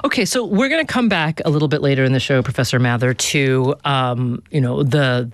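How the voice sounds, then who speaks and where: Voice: medium pitch, no room sound, studio quality. A radio show host interviewing a guest in a conversational, probing manner.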